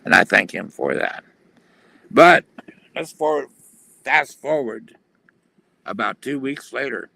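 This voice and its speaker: A man's voice: mid-range voice, expressive, takes it slowly, long pauses, pushed and bright, a little hiss or hum. A man telling his personal testimony in an earnest, plain-spoken way on a video call. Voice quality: gravelly.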